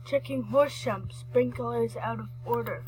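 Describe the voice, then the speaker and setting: A woman giving chatty, excitable commentary while playing a horse game, rambling and restarting her sentences. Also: a little high, a little slow, slight background noise, rough recording. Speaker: gaming vlogger.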